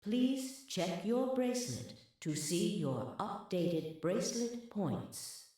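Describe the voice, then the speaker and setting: A woman streamer voicing a formal, flat game announcer. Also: medium pitch, takes it slowly, heavy reverb, pitched above the performer's own voice. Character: cold slow game announcer voice.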